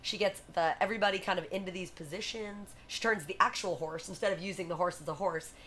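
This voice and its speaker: A woman hosting a livestream, chatty and animated as she retells a story to her viewers. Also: fairly low pitch, fast, slight background noise. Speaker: livestream host. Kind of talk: casual retelling and performing for a live chat.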